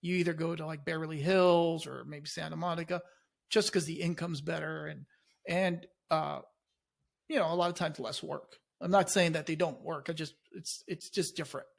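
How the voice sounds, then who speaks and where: A middle-aged man as a guest in casual conversation, animated and talking loosely with fillers. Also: a little high, normal speed, creaky. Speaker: guest, veteran police officer.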